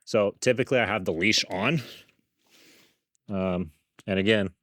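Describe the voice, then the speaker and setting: A man with a somewhat low voice walks through a dog's temperament test in an easy, explanatory way. He works with the dog outdoors, sometimes cooing at him between points. The sound is close and dry. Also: a little slow, dry recording. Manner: relaxed, explanatory, coos at the dog. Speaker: dog rescue worker. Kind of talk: casual explaining while handling a dog.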